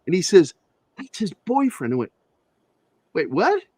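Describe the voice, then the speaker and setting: A man who is a guest on an interview show, telling profane, animated anecdotes with a lot of laughter in casual conversation. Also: high voice, measured pace, slightly rough, no echo. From Virginia, USA. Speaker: interview guest, comic creator. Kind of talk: casual storytelling.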